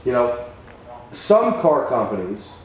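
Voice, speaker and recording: Hoarse male co-host, chatty, recorded far from the mic in a very echoey shop with faint noise. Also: medium pitch, wildly swooping pitch, slow pace. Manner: chatty, prompts with tag questions. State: losing his voice, hoarse. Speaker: co-host, technical trainer. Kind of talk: casual technical discussion. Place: auto repair shop.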